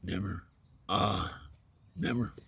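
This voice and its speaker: A middle-aged man rambling candidly about his life in a personal vlog, halting and full of fillers and restarts, getting emotional so his voice keeps sinking to a near whisper. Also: deep voice, fairly even intonation, vocal fry, a bit bright, breathy edge.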